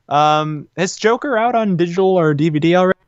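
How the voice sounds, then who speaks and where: A man's voice: high voice, lively intonation, moderate pace, smooth, no echo. A man co-hosting a casual podcast, joking around and laughing a lot. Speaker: podcast co-host. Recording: dull lo-fi sound.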